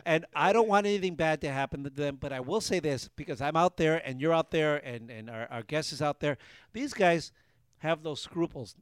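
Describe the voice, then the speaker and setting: A man hosts casual banter with an emphatic, opinionated push. His voice sits a bit high. The sound is dry and close. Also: moderate pace, smooth, no echo. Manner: emphatic, opinionated, repeats points. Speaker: host. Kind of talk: casual talk show banter. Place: garage.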